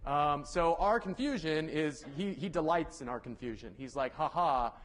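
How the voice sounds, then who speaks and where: A man's voice: a little high, animated, moderate pace. A young man lecturing a university class in a lecture hall, talking casually, correcting himself often and joking with the students. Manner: casual, rambling, self-correcting with many fillers.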